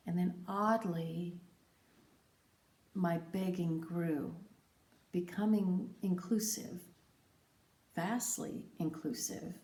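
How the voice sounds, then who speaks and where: A woman telling her own story in scripted, reflective narration, with a measured, poetic and emphatic delivery. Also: on the low side, warm tone. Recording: roomy echo.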